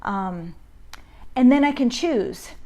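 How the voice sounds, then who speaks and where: A woman's voice: a little high, lively intonation, slow, a little mellow. A middle-aged woman hosting a parenting live stream from home on her phone, talking conversationally and greeting viewers by name as she teaches. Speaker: parenting group host. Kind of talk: casual live-stream talk.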